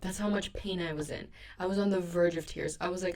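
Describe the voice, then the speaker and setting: A woman's voice: on the low side, fairly even intonation, fast talker, few pauses, darkish tone. A young woman hosting her own podcast, chatting casually and rambling in a sleepy, self-deprecating way from her bedroom. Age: young adult. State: sleepy, a bit sick in the throat. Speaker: podcast host. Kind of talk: casual solo podcast chat.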